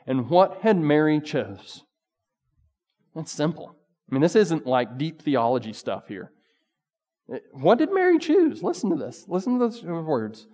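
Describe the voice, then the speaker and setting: A man's voice: fairly high pitch, very animated, a little slow, warm tone, big-room sound. A male pastor giving a casual, conversational sermon with bursts of emphasis.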